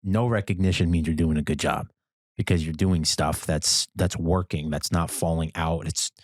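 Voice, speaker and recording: A man's voice: very deep voice, steady tone, moderate pace, dry recording, clean studio sound. A man co-hosting a podcast in casual talk, often restarting his sentences. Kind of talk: casual conversation.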